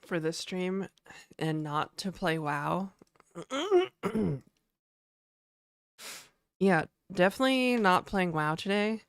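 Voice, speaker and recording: Slightly nasal with a cold, a young game developer rambles through a casual livestream, calling out viewers by name. His high voice moves slowly with long pauses, and the tone is fairly bright and clean in a dry, studio-quality recording.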